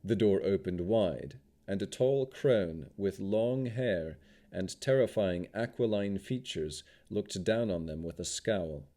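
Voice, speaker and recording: A man narrating a fantasy audiobook with expressive storytelling. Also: sits low, takes it slowly.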